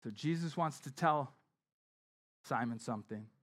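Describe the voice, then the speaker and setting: A male preacher giving a sermon as conversational storytelling, often dropping to a soft, hushed tone. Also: mid-range voice, unhurried.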